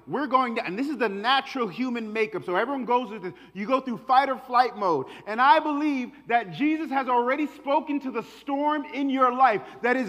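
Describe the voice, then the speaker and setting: A man preaching a conversational sermon, swinging between hushed asides and emphatic lines. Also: sits high. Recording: long hall reverb.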